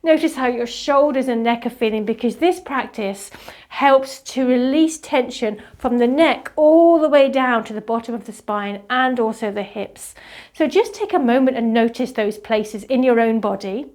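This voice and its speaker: A woman leading a qigong movement class, giving soft, slow guiding instructions. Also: on the high side.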